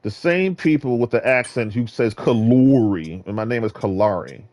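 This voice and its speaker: A man's voice: mid-range voice, moderate pace. A man from Virginia ranting and trash-talking in a casual gaming vlog monologue. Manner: animated, boastful, trash-talking. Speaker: gaming vlogger.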